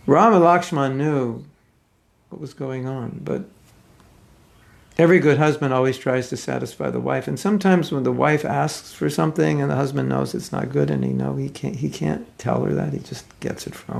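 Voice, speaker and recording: Spiritual teacher, very gravelly voice, chatty halting storyteller. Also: male voice, mid-range voice, fairly even intonation, darkish tone. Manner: conversational, halting retelling with asides. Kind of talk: storytelling sermon.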